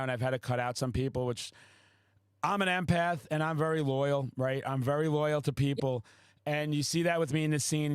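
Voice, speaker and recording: A man hosting a podcast, a loud, excitable storyteller who swears often in casual chat. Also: fairly high pitch, clear, resonant tone, no room sound. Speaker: podcast host.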